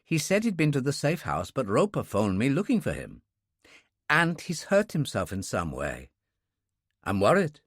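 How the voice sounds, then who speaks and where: A man reading an audiobook, voicing a worried young woman in a soft, raised tone. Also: medium pitch, huge pitch swings, normal speed, no echo, studio quality. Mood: concerned. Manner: soft, concerned.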